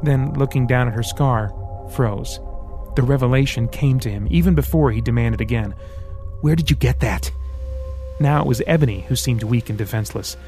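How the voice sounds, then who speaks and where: A man reading an audiobook in steady, earnest scripted narration. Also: mid-range voice, fairly quick, soft background music.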